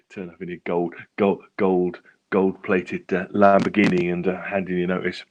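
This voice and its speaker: A man's voice: low-pitched, little pitch movement, a little slow, long pauses, darkish tone, highs cut off. A British man co-hosting a casual chat show who laughs a lot and tells anecdotes. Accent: British English. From England. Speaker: podcast co-host.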